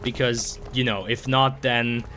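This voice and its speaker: A hoarse young man from Sweden, rambling excitably and swearing while commenting on a game he streams. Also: mid-range voice, a little slow. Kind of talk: casual gameplay commentary. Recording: stream mic with game noise behind. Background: game sounds.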